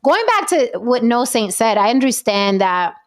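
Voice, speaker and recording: A woman's voice: fairly high pitch, big pitch swings, moderate pace. A woman hosting a casual panel talk show, making her points with emphatic repetition. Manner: emphatic, repeats points for effect. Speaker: podcast host.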